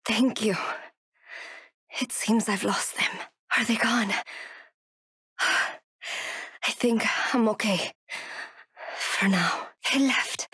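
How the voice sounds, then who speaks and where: An actress voicing a frightened young woman from Texas in a video game, wounded and hiding, whispering to herself to keep calm. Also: a little high, slightly rough, dry recording, studio quality, full character voice. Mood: fearful. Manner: whispers and talks herself through danger. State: wounded and in pain. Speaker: game character.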